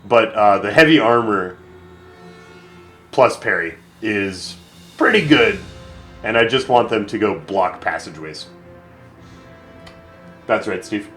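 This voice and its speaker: A man's voice: lowish voice, very animated, takes it slowly, long pauses, fairly bright tone, faint music behind. A man streaming a video game, chatting casually and thinking aloud with lots of fillers. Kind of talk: casual live gameplay commentary.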